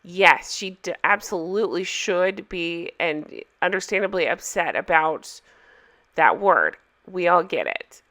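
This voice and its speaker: A woman recapping a reality show in a casual, opinionated way, hoarse from a cold and asking viewers for their thoughts. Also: on the low side, animated, unhurried, fairly bright tone. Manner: chatty, opinionated, asks viewers for comments.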